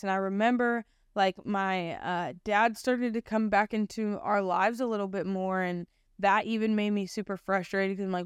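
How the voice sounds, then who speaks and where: A woman's voice: mid-range voice, steady tone, moderate pace, clean tone, no room sound, studio quality. A young adult woman sharing her personal Christian testimony in a casual, heartfelt way, often saying "like". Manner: casual, heartfelt, heavy use of "like".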